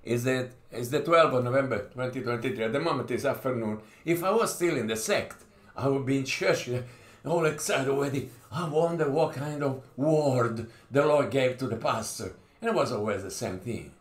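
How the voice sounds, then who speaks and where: A man preaching an informal sermon, swinging between loud and hushed and often repeating and restarting his phrases. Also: mid-range voice, normal speed, roomy sound.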